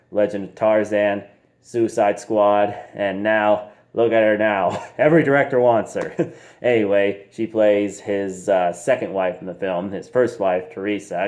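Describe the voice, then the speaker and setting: A man's voice: lowish voice, darkish tone. A man casually reviewing a movie, rambling with frequent giggles and mild slang.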